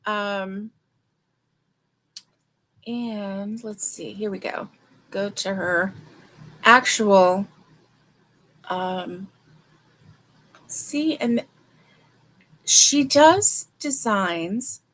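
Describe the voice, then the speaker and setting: A woman's voice: mid-range voice, extremely slow, pauses often, fairly bright tone. A woman hosting a casual crochet livestream. She chats with viewers and rambles with lots of fillers. She sounds a little sleepy. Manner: chatty and rambling, with many fillers; talks to viewers directly.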